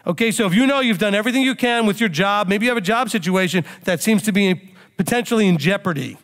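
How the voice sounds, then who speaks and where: A man's voice: high voice, quick pace, a bit bright. A man preaching a sermon as a rabbi, teaching in a conversational way and now and then acting out a panicked outburst. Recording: reverberant hall.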